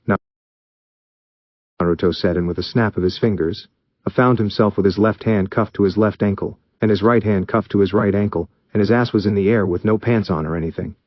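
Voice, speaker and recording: A man narrating fan fiction aloud in a plain, steady reading voice. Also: fairly low pitch, fairly quick, dry recording, lo-fi sound.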